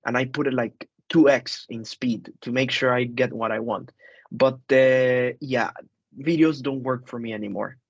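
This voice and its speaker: A man's voice: mid-range voice, fairly even intonation, measured pace, creaky, dry recording, lo-fi sound. Man leading a casual group discussion. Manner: conversational, repeats phrases, frequent fillers. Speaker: course instructor leading a book discussion.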